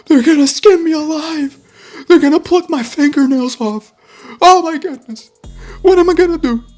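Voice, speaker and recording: A man voicing a jittery young male ex-gang member, shrill and frantic, in a storybook reading. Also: big pitch swings, unhurried, darkish tone, soft background music, exaggerated voice. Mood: panicked.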